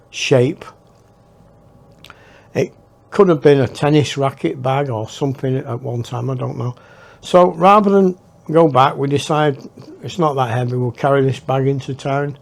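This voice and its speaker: A storyteller in his 60s from northern England tells his memoir in a rambling, reflective way. His medium-pitched voice is creaky with a darkish tone.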